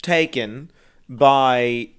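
A man's voice: mid-range voice, extremely slow, fairly bright tone, smooth. A young man co-hosting a podcast in casual chat, rambling with lots of restarts and frequent laughter. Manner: giggly, rambling, many fillers and restarts. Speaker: podcast co-host.

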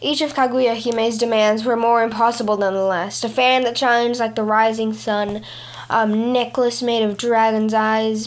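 A woman hosting a storytelling podcast, giving a measured, expressive scripted reading of a folk tale. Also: fairly high pitch.

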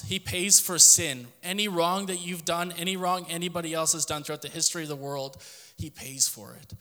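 A man's voice: high-pitched, sharp tone, big-room sound. Earnest man giving a devotional talk. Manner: earnest, direct address to listener. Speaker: podcast host.

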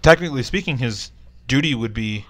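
A man co-hosting a casual podcast chat, jumping in with excited reactions and comparisons. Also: mid-range voice, brisk. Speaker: podcast co-host.

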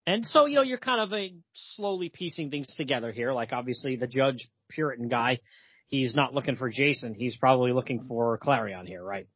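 Podcast co-host, male, husky, reads comic lines aloud, dull lo-fi recording. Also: mid-range voice, lively intonation, brisk, dry recording. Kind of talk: casual comic book discussion.

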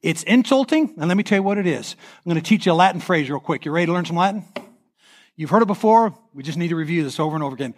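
A man preaching a sermon in church as pastor, animated, acting out quoted voices and leading the congregation in call-and-response. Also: fairly high pitch, rapid-fire. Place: church sanctuary.

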